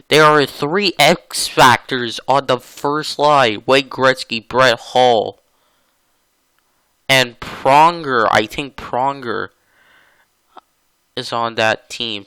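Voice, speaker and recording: Bright, crisp-voiced male gameplay commentator. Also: medium pitch, dry recording. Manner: rambling and chatty, with sudden excited outbursts. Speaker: gaming channel host.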